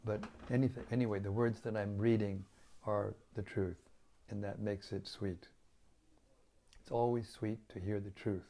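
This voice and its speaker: An older man with a raspy, gravelly voice that sits low and mellow. He talks gently and humbly, reflecting as a spiritual teacher who answers listeners over an online call. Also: fairly even intonation, moderate pace. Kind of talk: casual devotional chat after a reading.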